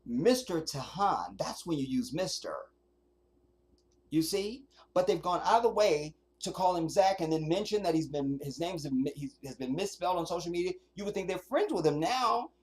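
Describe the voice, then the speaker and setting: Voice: medium pitch, animated, moderate pace, darkish tone. A streamer hosting a livestream, reading news quotes aloud in a sarcastic, mocking way and picking them apart. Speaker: streamer host. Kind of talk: livestream commentary.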